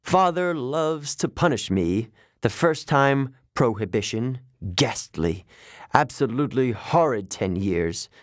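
A man's voice: medium pitch, expressive, takes it slowly, no echo, clean studio sound. A man voicing a petulant, bored male god of wine in an audiobook, drawling and scornful. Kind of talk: audiobook character voice.

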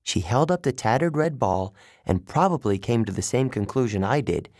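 A man giving steady, measured first-person audiobook narration. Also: mid-range voice, no room sound, clean studio sound.

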